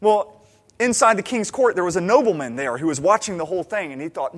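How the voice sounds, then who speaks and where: In a brisk, high voice, a pastor preaches, animatedly telling stories and playing the parts of their characters.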